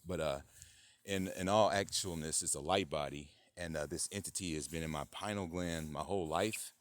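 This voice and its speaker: A man's voice: moderate pace, dry recording. A man hosting his own channel, talking in a rambling monologue full of fillers and sudden outbursts. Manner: rambling, many fillers, bursts into loud high-pitched mock voices. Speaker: channel host.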